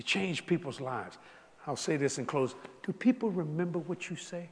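A man preaching a storytelling sermon, chatty and laughing along, swinging between loud exclamations and hushed near-whispers. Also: on the high side, very animated, moderate pace, in a large hall, noisy background. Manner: conversational, laughs with the crowd.

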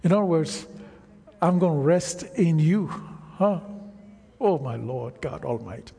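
Guy preaching slow and drawn out, husky voice, big echoey hall. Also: a little high, expressive, dark tone. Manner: slow, emphatic preaching with frequent call-and-response. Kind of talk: sermon.

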